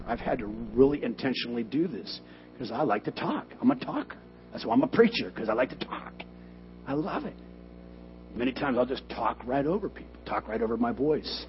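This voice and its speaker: A middle-aged man preaching an animated sermon as pastor, breaking into sudden loud bursts to act out quarrels. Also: mid-range voice. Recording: dull lo-fi sermon recording with faint hum.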